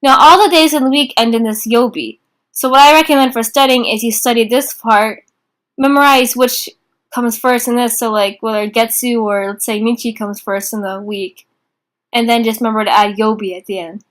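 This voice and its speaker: A young woman teaching a casual beginner class in an informal, chatty way, slowing down to repeat phrases. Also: on the high side, fairly even intonation. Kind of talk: casual online lesson.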